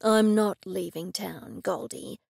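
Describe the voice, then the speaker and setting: A woman narrator voicing a protective male detective who speaks in a hesitant, earnest and soft way. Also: fairly low pitch, lively intonation, slow pace, vocal fry, breathy edge, no room sound, studio quality, voice pushed down, heavily acted. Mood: explaining.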